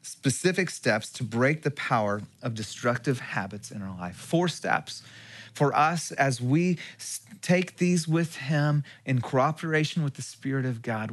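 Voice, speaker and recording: A middle-aged man preaching a sermon as pastor, telling a personal story, dropping to a hush and then rising again. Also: medium pitch. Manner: storytelling with swings between hushed and raised passages.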